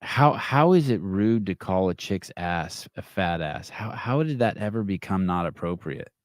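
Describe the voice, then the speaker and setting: A man's voice: low-pitched, lively intonation, normal speed, no room sound, studio quality. A man hosting a podcast livestream in a rambling, wry way, swearing freely. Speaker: podcast host. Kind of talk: casual livestream chat.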